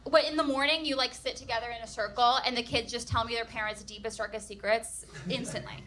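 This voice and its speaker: A woman's voice: on the high side, quick pace, crowd noise. A woman, a comedian and former kindergarten teacher, telling playful stories at a live comedy Q&A. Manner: animated, playful storyteller. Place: stage before a live audience.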